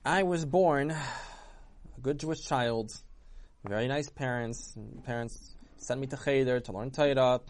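A man's voice: medium pitch, a little slow, close to an everyday voice. A man voicing an older male painter who earnestly confesses how he drifted from his faith.

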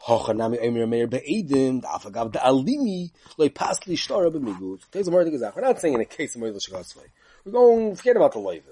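A Talmud teacher gives a yeshiva-style lecture in an animated sing-song learning chant, full of quick asides and rhetorical questions. His voice is mid-range and slightly rough.

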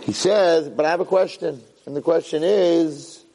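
A man teaching a Torah class, animated, jumping high when he acts out a yelling parent. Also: moderate pace. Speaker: Torah lecturer. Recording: long hall reverb.

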